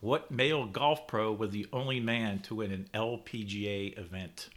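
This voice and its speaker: Low, bright-toned man reading quiz questions. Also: moderate pace. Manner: steady, announcing answers crisply. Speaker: quizmaster on a podcast. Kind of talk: reading quiz questions in casual podcast talk.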